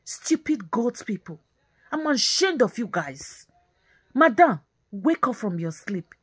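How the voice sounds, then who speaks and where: Lady ranting mad at the camera, high husky voice jumping all over, keeps repeating herself, drops into pidgin. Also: big pitch swings, takes it slowly, fairly bright tone. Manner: scolding, repetitive, mixes in Nigerian Pidgin. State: angry and bitter. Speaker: vlogger. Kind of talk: angry ranting commentary.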